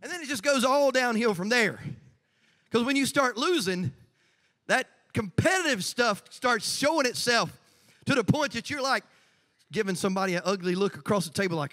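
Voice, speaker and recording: A woman's voice: fairly high pitch, expressive, normal speed, a bit bright, long reverb tail. A woman pastor preaching a sermon in a church sanctuary, conversational, with joking asides to the congregation.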